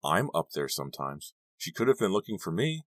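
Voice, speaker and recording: Guy doing a scared stubborn teen girl, bit exasperated, super deep voice. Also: sing-song, brisk, fairly bright tone, dry recording, full character voice. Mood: earnest. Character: teenage girl, worried, stubborn.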